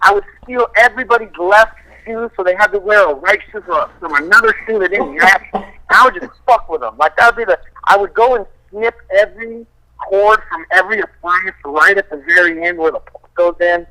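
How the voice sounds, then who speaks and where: A man, a fighter guest, casually telling profane, animated stories full of quoted dialogue. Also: high voice, brisk, low-quality recording. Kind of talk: casual storytelling.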